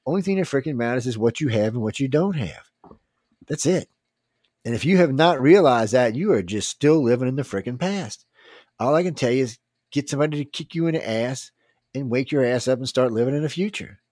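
A man's voice: medium pitch, animated, fairly quick, darkish tone, dry recording, clean studio sound. A man in his fifties hosting a talk radio show, blunt, rowdy and profane, speaking casually. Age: 50s.

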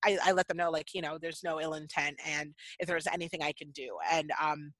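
Middle-aged woman guest, bright dry voice, animated and self-deprecating, lots of fillers. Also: low voice, brisk, dry recording, rough recording. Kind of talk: casual interview talk.

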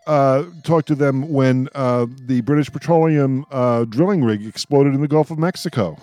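A man hosting a talk show, asking questions in a halting, stammering way. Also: medium pitch, dark tone, no echo. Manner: halting, stammering, laughs between thoughts. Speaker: radio host. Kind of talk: casual political talk.

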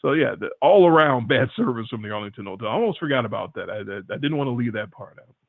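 A man's voice: medium pitch, expressive, quick pace. A man with a Midwestern American accent co-hosting a podcast, telling stories in a rambling, laid-back way. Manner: rambling, laid-back storyteller who swears casually. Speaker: podcast co-host. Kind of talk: casual chat. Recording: tinny phone-like sound.

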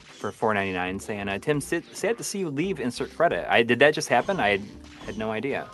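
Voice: mid-range voice, very animated, brisk, a bit bright, faint music behind. A co-host of a live stream chatting casually, hesitant and full of fillers, also reading out donations.

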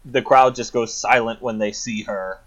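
A man's voice: medium pitch, steady tone, moderate pace, a bit bright, dull audio. A man co-hosting a casual chat, thoughtfully retelling a film plot at length.

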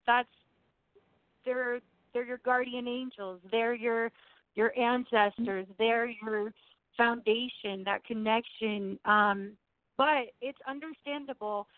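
A woman's voice: on the high side, fairly even intonation, takes it slowly, dry recording. Chatty woman on a tinny call line. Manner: chatty, earnest, with frequent "like" and restarts. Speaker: guest medium. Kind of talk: casual chat.

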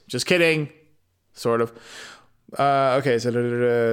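A man's voice: mid-range voice, unhurried, pauses often, clear, resonant tone. A man reading a fairy tale aloud, breaking off into rambling, profane comic asides. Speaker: storyteller.

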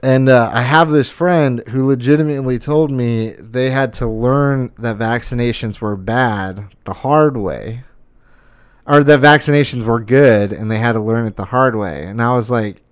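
A man's voice: medium pitch, a little slow, clean tone, dry recording, clean studio sound. A man hosting a podcast, ranting in a casual monologue, swearing a lot and sounding incredulous. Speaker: podcast host.

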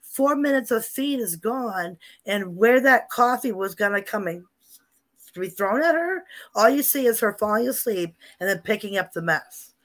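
A woman's voice: medium pitch, animated, normal speed, a bit bright. A woman in casual chat, animatedly telling paranormal stories with lots of repetition and asides.

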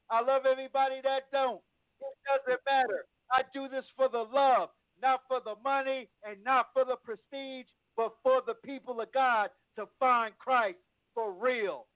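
High-voiced man preaching over a phone line. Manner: repetitive, rhythmic preacher cadence. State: losing his voice. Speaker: host of a Christian radio show. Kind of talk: heartfelt preaching sign-off. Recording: tinny phone-line sound.

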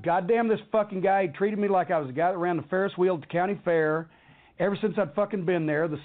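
High-voiced man cursing through a tinny line. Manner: heated, cursing, rambling storyteller. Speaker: wrestling storyteller. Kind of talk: profane anecdote on a talk show. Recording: tinny phone-line audio.

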